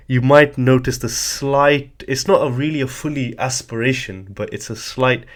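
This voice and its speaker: A man teaching a language lesson, explaining patiently and methodically, often hedging with "sort of" while he writes examples on a board. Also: on the low side.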